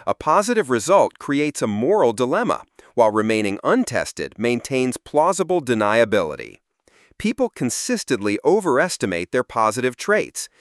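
A man giving a measured, scripted explanatory narration. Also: medium pitch, sing-song, no echo, clean studio sound.

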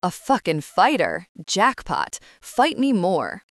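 A brash, violent young mafia heir who taunts and gloats over his rival, read out by a woman narrating a book summary. The voice sits low and sounds dry and close, with no room around it. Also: huge pitch swings, takes it slowly, no echo, exaggerated voice. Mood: taunting.

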